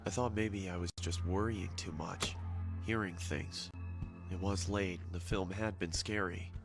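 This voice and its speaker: Hushed, somber young man voiced by a man narrating a horror story, low voice over music. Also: fairly even intonation, unhurried. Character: haunted young man recalling his brother's kidnapping. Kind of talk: scripted narration.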